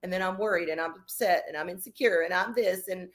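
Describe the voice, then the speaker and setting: An expressive woman chats on her livestream, candid and emphatic, mixing blunt swearing with warm reassurance. Her delivery swings between punchy emphasis and quieter, reflective stretches. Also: medium pitch, brisk, few pauses. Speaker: streamer reading chat. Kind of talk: casual livestream chat.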